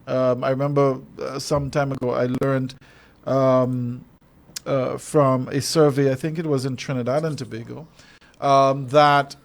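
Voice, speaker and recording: A male radio show host in his studio, searching for his words and circling back over them. His pitch sits in a middle range for a man. He nods along with the guests in short spoken agreements. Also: creaky. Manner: hesitant, repeats words, encouraging. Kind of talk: radio interview.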